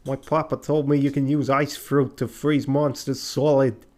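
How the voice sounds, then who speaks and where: A man's voice: mid-range voice, level tone, moderate pace, darkish tone, a little hiss or hum, voice pushed up, close to an everyday voice. A man voicing a cocky young male bird-folk inventor in a put-on New York accent while reading game dialogue on a let's play. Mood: boastful. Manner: boastful, brash.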